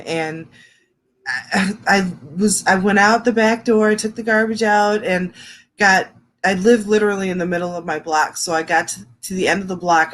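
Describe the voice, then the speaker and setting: A woman co-hosting a casual podcast, telling personal stories frankly in a rambling, animated way. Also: on the low side, a little hiss or hum. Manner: frank storyteller, rambling, animated when quoting. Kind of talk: casual chat.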